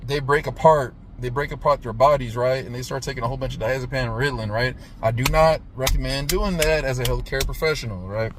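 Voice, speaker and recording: Man in his 30s, loose movie review, swears freely, keeps asking right?, mid-pitched, faint hiss underneath. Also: fairly quick, hardly any pauses. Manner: animated, profane, says "right?" constantly; makes "boom" sound effects while retelling.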